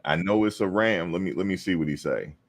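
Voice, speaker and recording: Male stream host with a deep voice, chatty and playful with his audience. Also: a little fast. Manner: animated, teasing, talks to viewers and chat. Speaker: show host. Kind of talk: casual live-stream chat.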